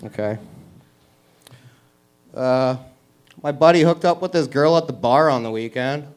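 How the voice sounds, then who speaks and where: A man doing stand-up, delivering dry one-liners and pausing before each punchline at a small open mic. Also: medium pitch, a little hiss or hum. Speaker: stand-up comedian. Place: small comedy venue with audience.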